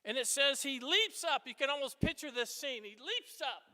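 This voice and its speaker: High-voiced priest preaching in church. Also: male voice, moderate pace. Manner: animated, conversational preaching with asides. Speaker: Catholic priest. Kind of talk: homily. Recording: echoey church reverb.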